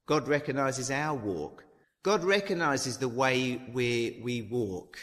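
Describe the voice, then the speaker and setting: A man's voice: medium pitch, slow pace, a bit bright. A man preaching a sermon in a chatty way, adding tag questions and acting out the dialogue of the story. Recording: long hall reverb.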